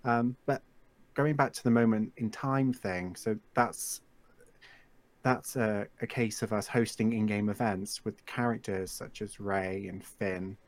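A man's voice: lowish voice, fairly even intonation, unhurried. A man from England with an English accent, chatting as a podcast guest about running a game server, easygoing and self-deprecating. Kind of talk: casual podcast chat.

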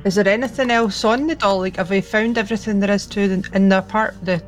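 A woman playing a tabletop game, recapping clues in a halting, casual way. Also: mid-range voice, steady tone, soft background music. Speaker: player.

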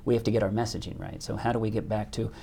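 A man's voice: lowish voice, steady tone, gravelly, dark tone, a little hiss or hum. A man being interviewed as a hotel company executive, speaking with frequent restarts and repetitions. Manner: halting, many restarts. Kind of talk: business interview.

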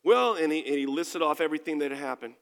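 A man preaches a sermon, asking his congregation question after question with emphatic force. His voice sits high for a man. It rings out with the long reverb of a church hall. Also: expressive, quick pace, fairly bright tone, smooth. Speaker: pastor. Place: church sanctuary.

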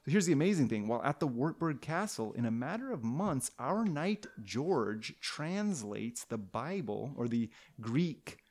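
A man with a gravelly voice at a middling pitch, telling a history story on a podcast. He talks casually and playfully, rambling off into tangents and restarting his sentences. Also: sing-song, a little slow, hardly any pauses, darkish tone.

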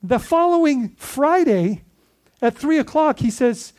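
A man's voice: very high voice, sing-song, measured pace, a little mellow. Conversational pastor quizzing his church. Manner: conversational, quizzes the congregation with questions. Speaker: lead pastor. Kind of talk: sermon.

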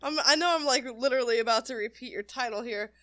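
Animated, blunt woman co-host. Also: a little high, dry recording. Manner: animated, blunt, quick to laugh. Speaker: podcast co-host. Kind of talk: casual chat and reading out stories.

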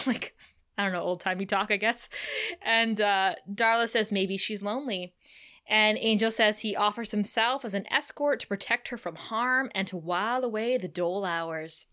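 A woman's voice: mid-range voice, moderate pace, clean tone. A woman co-hosting a podcast, recapping a TV episode in casual chat and laughing often. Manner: laughs often, animated retelling. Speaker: podcast co-host.

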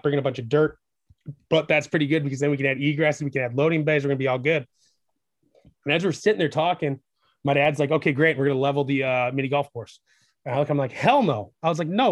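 Young man with a fairly high voice, excitable and rambling, telling an interview story, dry close-miked sound. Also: fast talker, no echo. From Wisconsin, USA. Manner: excitable, rambling, acts out quoted dialogue. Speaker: distillery founder, guest.

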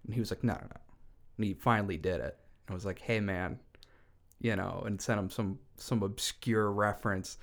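A man's voice: lowish voice, normal speed, gravelly. A man co-hosting a casual podcast, chatty and joking, telling stories about film news. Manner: animated, joking, chatty storyteller. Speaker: podcast co-host. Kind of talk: casual chat.

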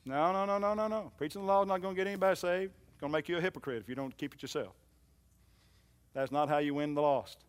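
A man preaching a sermon in a church, swinging from loud emphatic lines to soft low ones and repeating phrases for emphasis. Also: fairly even intonation, fast, clean tone. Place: church hall.

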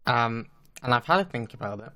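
A man's voice: mid-range voice, animated, a little fast, sharp tone. A man co-hosting a podcast over a remote call, joking and swearing casually while eating. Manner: joking, swears freely, eats while talking. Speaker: podcast co-host. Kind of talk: casual chat. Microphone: own microphone, remote call.

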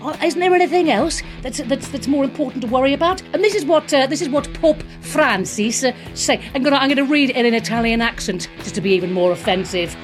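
A woman's voice: sits high, lively intonation, fast, hardly any pauses. A woman giving opinionated radio commentary in a sarcastic, mocking tone. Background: music bed.

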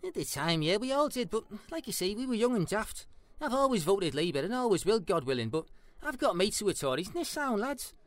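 A chatty Scouse ex-hooligan. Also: male voice, high-pitched, big pitch swings, fairly quick, no room sound. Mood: jovial. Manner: jokey, punning, chatty. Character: chatty former football hooligan, middle-aged man, jokey and affable. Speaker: interviewee. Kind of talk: scripted comedy dialogue.

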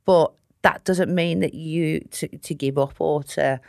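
A woman with a low voice talks in a loose, casual interview. She is blunt and swears freely, poking fun at herself as she goes. The sound is dry and close. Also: steady tone, a little slow, creaky, a little mellow, dry recording. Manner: blunt, sweary, self-mocking. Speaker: interview guest, comedian. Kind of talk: casual chat.

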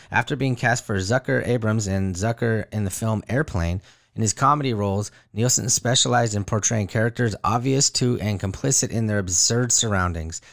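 A man co-hosting a podcast in casual chat, loose and rambling, often correcting himself. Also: on the low side. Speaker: podcast co-host.

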